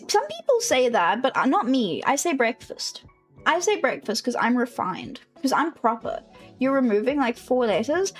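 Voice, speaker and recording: South African woman, young, high voice, quick playful chatter to live chat, soft music underneath. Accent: South African English. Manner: playful, animated, reacting to chat messages. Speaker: streamer.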